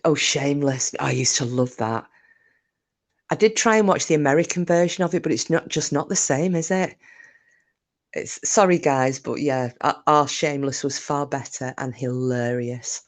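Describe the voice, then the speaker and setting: A woman's voice: extremely low pitch, moderate pace. A woman hosting a live stream, rambling in casual chat with plenty of fillers and breaking off to greet viewers by name. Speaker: livestream host.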